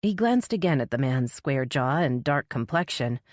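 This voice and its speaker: Woman narrator, very low voice, measured, dry close sound. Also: lively intonation, a little mellow, no echo. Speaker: audiobook narrator. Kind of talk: scripted narration.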